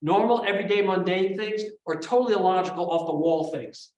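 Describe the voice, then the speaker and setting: A man teaching a memory technique at a live seminar, energetic, quizzing the audience in call-and-response. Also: high-pitched, brisk. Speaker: memory trainer. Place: large room before a live audience. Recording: echoey room, voice from far off.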